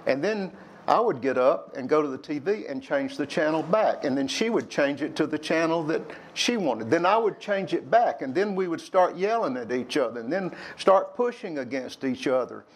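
Speaking at a normal speed in a fairly high, animated voice, an older man recounts personal stories openly for young listeners. He rambles somewhat and raises his voice when replaying old disputes.

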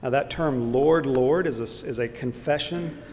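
A man teaching a Bible study lesson in an earnest, explanatory way, pausing with fillers and restarts. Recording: echoey hall with faint rumble.

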